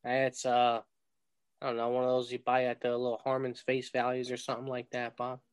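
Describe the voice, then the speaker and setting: A man of medium pitch answers in short, laid-back, mumbled lines. His voice is dry and close, with no room sound. He sounds relaxed and a bit sheepish in casual chat. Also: fairly quick, smooth, dry recording. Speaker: podcast regular.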